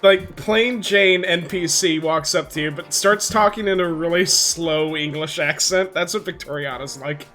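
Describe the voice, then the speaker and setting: A co-host of a casual gaming podcast, giggly and prone to loud outbursts. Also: mid-range voice, moderate pace, hardly any pauses, faint music behind. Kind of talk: casual chat about a tabletop game.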